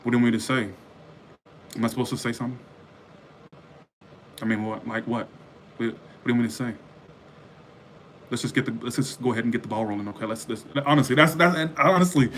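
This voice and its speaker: Guy doing a tarot live, rambly and cussing, coffee jitters, mid pitch, bit of hiss. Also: a bit bright. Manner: rambling, profane, laughs often. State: sweaty and wired from coffee. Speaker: tarot reader hosting a live stream. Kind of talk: casual live-stream chat.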